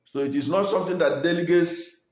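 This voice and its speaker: A man from Nigeria giving earnest, argumentative political commentary, pausing with fillers and restarting his sentences. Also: a little high, a little mellow, echoey room.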